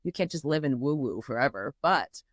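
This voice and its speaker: A woman's voice: rumbling low, animated, fairly quick, dry recording, studio quality. A woman hosting a podcast in casual chat, rambling and filler-heavy with lots of "like" and "you know". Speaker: podcast host.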